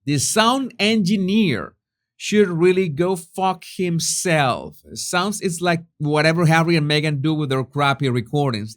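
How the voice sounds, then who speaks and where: A man's voice: a little high, animated, unhurried. Sarcastic profane male commentator. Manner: sarcastic, profane, hesitant restarts. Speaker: commentary channel host.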